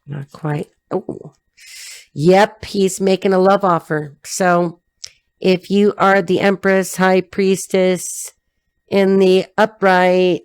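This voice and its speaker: A woman's voice: fairly low pitch, little pitch movement, takes it slowly, smooth, no echo, studio quality. A woman from Southern California with a Southern Californian accent, giving a casual tarot reading in a blunt, profane, chatty way. She laughs often and acts out the characters in the cards. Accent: Southern Californian American. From Los Angeles, Southern California. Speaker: tarot reader.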